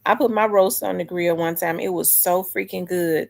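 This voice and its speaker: Her voice sits fairly low and sounds creaky, and she talks a little slowly with few pauses. As host of a relaxed livestream, she carries on a loose, wandering chat with viewers, restarting lines and reacting to chat comments.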